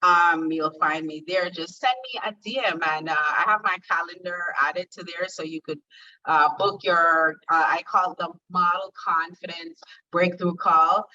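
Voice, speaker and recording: A woman from Jamaica, a confidence coach and plus-size model, telling stories in a chatty, animated way during an interview. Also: lowish voice, moderate pace. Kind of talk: casual interview chat. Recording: distant, muffled video call audio.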